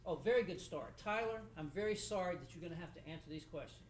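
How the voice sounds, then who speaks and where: A middle-aged male judge speaks in a fairly high voice, and his words echo around a courtroom because he is some way from the mic. He gives students feedback in halting bursts, repeating words and slipping in dry jokes. A faint room hum sits under his voice. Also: animated. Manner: halting and repetitive, with dry humor. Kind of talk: spoken feedback to students after a mock trial. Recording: echoey room, voice from a distance.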